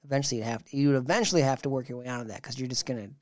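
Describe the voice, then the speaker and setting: A man's voice: medium pitch, rapid-fire, a little mellow, no echo, clean studio sound. A man from Michigan co-hosting a podcast, chatting casually and telling jokey stories. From Michigan, USA. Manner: jokey storyteller, acts out others' lines. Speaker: podcast co-host.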